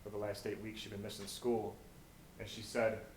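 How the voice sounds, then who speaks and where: An American man speaks from a stage in a big, echoey college auditorium. His voice sits fairly low and mostly level, with a faint hum of noise behind it. He tells inspiring stories, dropping to a hush and then rising loud. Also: little pitch movement, moderate pace. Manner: storytelling, swings from hushed to loud. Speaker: motivational speaker.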